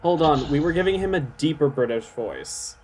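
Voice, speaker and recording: A man's voice: on the high side, animated, moderate pace, a little mellow, slight background noise. A man in casual let's-play chat, making teasing, wry remarks. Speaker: game co-streamer.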